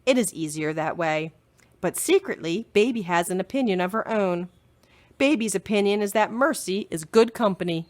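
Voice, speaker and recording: Reading aloud from a children's chapter book, a female librarian uses an expressive storytelling style. She speaks at a normal speed in a mid-range voice.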